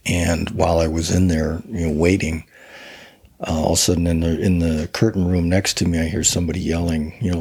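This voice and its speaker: Middle-aged man, low husky voice, measured and plain-spoken; interview guest. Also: flat delivery, a little mellow. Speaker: guest, author and shaman. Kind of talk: recounting a personal tragedy in an interview.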